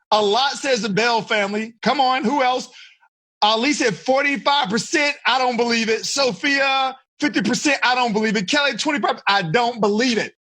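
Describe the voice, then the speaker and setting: Husky man coaching teens. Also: sits high. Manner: animated, direct and teasing, calls on listeners by name. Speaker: teen life coach. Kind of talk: interactive coaching talk to teenagers.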